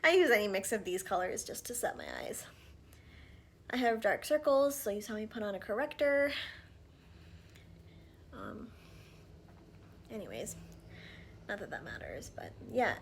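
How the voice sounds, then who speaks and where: A woman's voice: fairly high pitch, big pitch swings, moderate pace, long pauses. Thirties woman vlogger, casual chat at home, slightly winded, a faint hiss behind her. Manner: chatty, filler-heavy, drops to soft asides while applying makeup. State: slightly out of breath from pregnancy. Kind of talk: casual get-ready-with-me chat. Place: at home, indoors.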